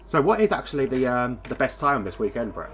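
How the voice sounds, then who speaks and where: A man's voice: medium pitch, sing-song, brisk, a loud crowd. A man hosting live sim-racing commentary, chatty and rambling, reading out standings with self-deprecating asides. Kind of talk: live esports race commentary.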